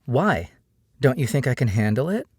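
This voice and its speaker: A man's voice: medium pitch, sing-song, moderate pace, husky, dry recording, studio quality, voice pushed up. A man voicing a bubbly, playful young woman who teases as she talks, read in an audiobook.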